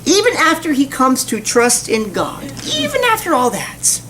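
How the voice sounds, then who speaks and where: Lively woman preaching a sermon. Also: high voice, unhurried, background noise. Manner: folksy, animated storytelling with rhetorical questions. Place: church.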